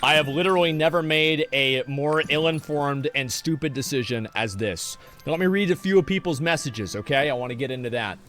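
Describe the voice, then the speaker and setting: A man's voice: a little high, brisk, hardly any pauses, a bit bright, faint music behind. Brash, profane male streamer. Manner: brash, profane, rambling, reacting to chat. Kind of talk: casual livestream chat.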